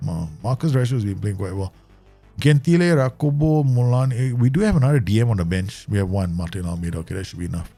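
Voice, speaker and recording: A chatty man with a Southeast Asian English accent streams his management game, quick to laugh as he talks to his viewers. His voice is gravelly and swoops up and down as he talks. Faint game music plays under him. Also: fairly low pitch, expressive, dark tone. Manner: chatty, laughs easily, talks to himself and chat. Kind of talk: live game commentary.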